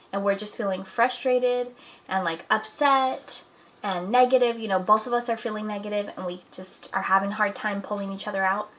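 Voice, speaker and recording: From home in her apartment, a vlogger in her twenties gives upbeat, encouraging life advice to camera, earnest and chatty, leaning on "like" and "you know." Her mid-range voice is pushed and bright, and the low-quality recording carries a little hiss or hum.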